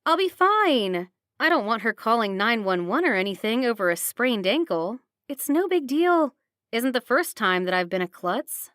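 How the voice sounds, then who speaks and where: A woman reading a first-person romance audiobook with steady, expressive narration. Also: on the high side, moderate pace, no room sound, clean studio sound.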